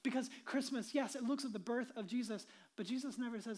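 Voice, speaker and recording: A woman pastor preaching with earnest conviction and a fairly high voice. She presses hard on key points, then drops to a hush or a near whisper. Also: brisk. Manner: earnest, swings between emphatic and hushed, drops to whispers. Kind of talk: sermon.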